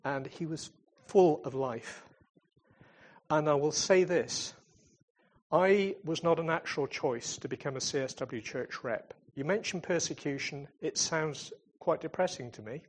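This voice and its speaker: A man representing a charity in churches gives an informal, chatty talk that ends in a prayer, his voice fairly high and a little slow, with slight background noise. He tells stories with hesitations and restarts and calls himself a fun-loving comedian type.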